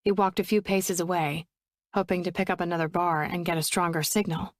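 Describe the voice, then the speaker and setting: A woman narrating a romance audiobook in a steady, even storytelling voice on a close studio mic. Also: lowish voice, fairly quick, dry recording.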